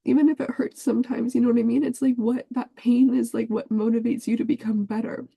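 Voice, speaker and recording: A young woman speaks in a confessional vlog, her voice husky and warm with a rough fry underneath. She rambles freely, leaning on fillers and the occasional curse. The sound is close and dry, with no room around her. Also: on the high side, flat delivery, fast, no room sound. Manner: rambling, filler-heavy, frequent swearing. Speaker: vlogger.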